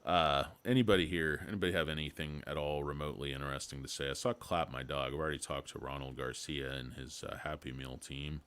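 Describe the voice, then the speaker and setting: Deep-voiced man rambling about stocks. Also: fairly even intonation, fast, hardly any pauses, a bit bright, clear, resonant tone. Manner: rambling, irreverent, crude jokes. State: tired, short on sleep. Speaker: stock market video host. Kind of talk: casual stock commentary.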